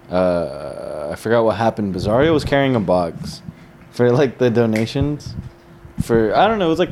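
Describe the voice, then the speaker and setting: A young man chatting with friends, telling a school memory in a relaxed, meandering way. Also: on the low side, a little hiss or hum. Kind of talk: casual podcast chat among friends.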